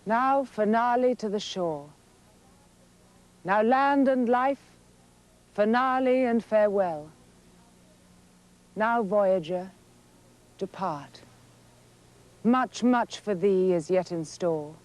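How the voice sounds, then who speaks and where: A man reciting poetry in a slow, deliberate way. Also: high voice.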